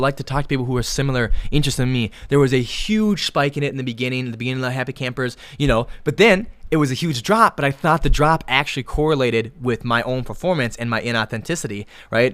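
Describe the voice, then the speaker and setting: A man hosting his own podcast alone, talking casually and cursing freely. He swings between low, mumbled asides and loud, pushy hype. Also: no room sound. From Minnesota. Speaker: podcast host. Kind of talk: casual solo podcast monologue.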